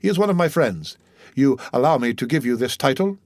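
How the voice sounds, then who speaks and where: A man reading an audiobook, voicing a mysterious, wealthy nobleman who speaks in a measured, commanding way. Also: mid-range voice, animated, a little mellow, no room sound, close to an everyday voice. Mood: composed. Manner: measured, composed, authoritative.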